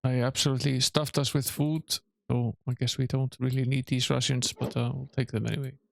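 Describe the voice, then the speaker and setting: Gravelly-voiced man streaming a game. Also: medium pitch, little pitch movement, fairly quick, dry recording. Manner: offhand, thinking aloud with fillers. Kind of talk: casual let's-play commentary.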